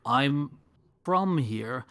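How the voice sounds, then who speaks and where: A player voicing a solemn young man back from years in the wilds, speaking slowly and formally. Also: mid-range voice, expressive, fairly bright tone, no room sound, studio quality, full character voice. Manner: slow, formal, mystical.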